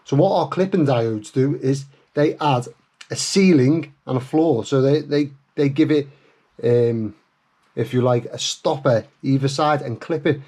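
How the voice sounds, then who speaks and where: A man's voice: medium pitch, a little slow, mellow. A man giving a casual workshop tutorial on modifying a guitar pedal, chatty and self-deprecating, with frequent fillers and restarts.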